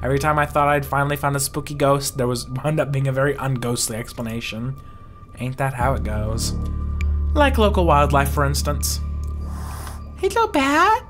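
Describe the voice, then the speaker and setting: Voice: mid-range voice, animated, moderate pace, music in the background, close to an everyday voice. A game reader voicing a fearless woman ghost hunter who talks in a breezy, teasing way. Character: upbeat woman ghost-hunting streamer, fearless.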